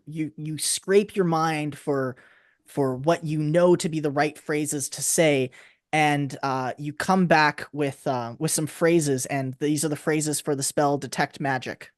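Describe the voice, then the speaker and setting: A man running a tabletop game as game master, narrating scenes in a relaxed, halting way with fillers. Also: a little high, no room sound, clean studio sound.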